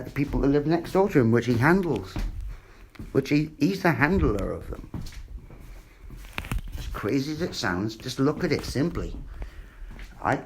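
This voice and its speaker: A man's voice: mid-range voice, darkish tone, a little hiss or hum. A man, ranting in a rambling, sweary monologue and repeating himself. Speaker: vlogger.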